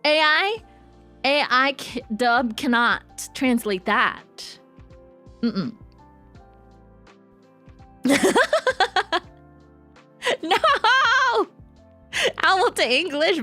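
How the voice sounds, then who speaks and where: Faint lo-fi hip hop plays behind a woman VTuber who chats playfully with her livestream audience. Her mid-range voice is a bit bright, and she stays bubbly as she talks to chat.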